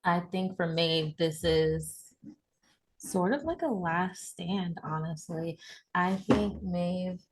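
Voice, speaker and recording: A woman at a tabletop game, musing aloud about what her character does. She talks slowly in a lowish voice. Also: slight background noise. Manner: thoughtful, hedging, casual. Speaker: player.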